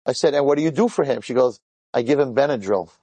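A middle-aged man, a rabbi and teacher, telling an inspirational story to an audience and acting out the dialogue with lively bursts. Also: medium pitch, husky, no room sound. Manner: animated, acts out the dialogue in quick bursts.

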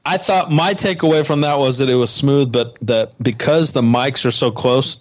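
A man co-hosting a podcast in measured casual chat, prompting his partner with questions. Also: medium pitch, dry recording. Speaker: podcast co-host.

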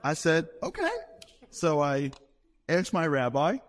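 Lively man telling a funny story. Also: medium pitch, normal speed. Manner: lively, playful, self-deprecating. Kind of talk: humorous storytelling to a live audience. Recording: long hall reverb.

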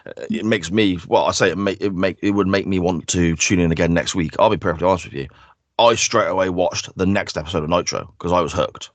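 A man's voice: deep voice, fast, no echo. A man co-hosting a podcast, chatting casually and enthusiastically as he breaks down a wrestling show. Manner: enthusiastic, analytical. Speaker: podcast co-host.

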